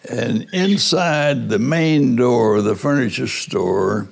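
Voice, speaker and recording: An older man, a former prosecutor, slowly recalling events in an interview, with halting pauses. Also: mid-range voice, gravelly. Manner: slow, halting recollection.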